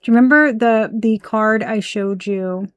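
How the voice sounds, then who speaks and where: A fairly high-voiced woman talks through a tarot spread in a blunt, emphatic way, cursing as she goes. The sound is close and dry, with no room echo. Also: unhurried. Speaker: tarot reader. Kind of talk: casual tarot reading.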